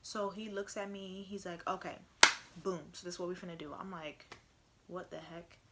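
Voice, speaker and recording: A woman's voice: on the low side, level tone, moderate pace, very noisy. A young woman casually telling a personal story to camera, chatty and full of "like", acting out what others said. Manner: chatty, heavy use of "like", acts out quotes. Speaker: vlogger.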